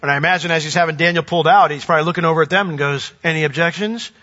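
Male pastor, bright ringing voice, earnest sermon delivery, dull lo-fi sound. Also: fairly high pitch, steady tone, rapid-fire. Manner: earnest preaching, rising to emphatic declarations.

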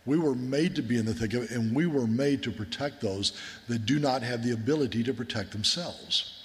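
A man's voice: medium pitch, brisk. A man, a military chaplain, preaching a sermon in an earnest, folksy storytelling manner. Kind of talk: sermon with war stories. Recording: long hall reverb.

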